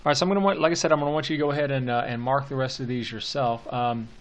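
A man teaching a recorded poetry lecture, explaining at a measured pace, often stalling on fillers and restarting his phrases. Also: mid-range voice, fairly even intonation.

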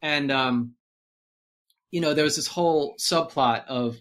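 A man talking casually on a podcast, rambling and animated, full of fillers and restarts. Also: on the high side, a little slow. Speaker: podcast guest. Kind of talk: casual movie discussion.

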